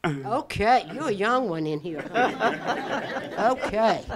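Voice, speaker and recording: A woman's voice: mid-range voice, animated, takes it slowly, crowd noise. A woman hosting a community birthday party, chatting casually and teasing her guests. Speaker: party host. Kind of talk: casual emcee talk.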